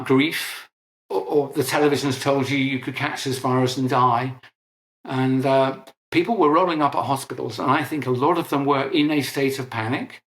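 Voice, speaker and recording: An older British man explaining technical matters earnestly in an interview, often restarting words. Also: mid-range voice. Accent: British English. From Britain. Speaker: interviewed scientist. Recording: echoey room.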